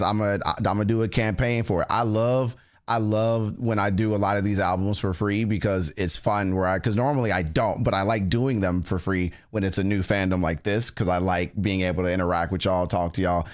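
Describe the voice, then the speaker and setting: A man's voice: fairly low pitch, a little fast. Laughing, slangy streamer man. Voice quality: animated, laughs often, slangy. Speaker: streamer reacting to music. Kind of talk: casual livestream chat.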